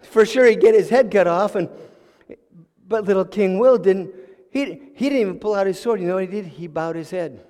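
A man's voice: high voice, fairly quick, a little mellow. A man telling a story as a sermon, chuckling and often repeating words while searching for them. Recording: long hall reverb.

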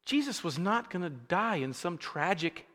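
Guy preaching in a big echoey church, bright voice, really animated, acts out the story. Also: sits high, normal speed. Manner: animated storytelling, acting out scenes with rising energy. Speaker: pastor. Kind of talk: sermon.

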